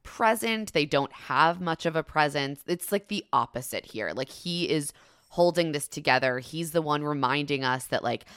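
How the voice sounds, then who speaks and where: A woman co-hosting a podcast, talking in a relaxed, conversational way and steering the discussion along. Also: low voice, normal speed, clean tone, no echo, clean studio sound. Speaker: podcast co-host. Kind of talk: casual chat about a TV show.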